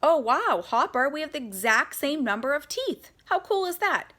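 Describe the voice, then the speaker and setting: Woman voicing a spunky young schoolgirl, chatty, indignant, high and bright. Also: moderate pace, close to an everyday voice. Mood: eager.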